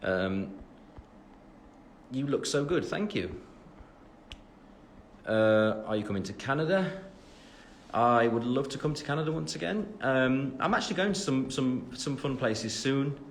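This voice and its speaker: A man's voice: mid-range voice, animated, measured pace, pauses often, a little hiss or hum. Chatty young Englishman rambling on a livestream. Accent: English Midlands. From England. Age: 20s. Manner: rambling, chatty, self-deprecating, many fillers. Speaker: livestream host reading fan questions. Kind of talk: casual chat. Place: at home after the gym. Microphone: phone camera.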